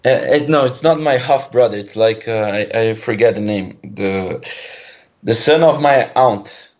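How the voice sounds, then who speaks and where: A man in his twenties with a Brazilian Portuguese accent, calling in and speaking English slowly with many pauses as he searches for words. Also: mid-range voice, darkish tone, dull audio. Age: 20s. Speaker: caller.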